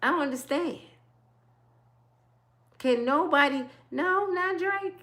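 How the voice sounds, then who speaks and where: A woman ranting about celebrity gossip to her viewers, animated and profane, quizzing them with rhetorical questions. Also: sits high, slow pace, long pauses. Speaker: vlogger.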